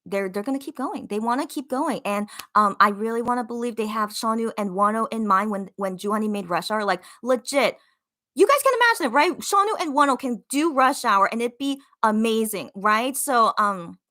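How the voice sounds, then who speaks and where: A woman hosting a casual livestream podcast, reading chat comments aloud and gushing with excitement through lots of fillers. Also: fairly high pitch, moderate pace. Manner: excited, gushing fan talk with many fillers.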